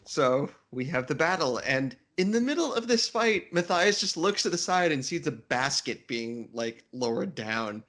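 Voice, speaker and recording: Male co-host, upbeat and jokey, voice that moves around a lot, quick to laugh. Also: a little high. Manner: laughs often, lively and jokey. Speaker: podcast co-host. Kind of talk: casual chat.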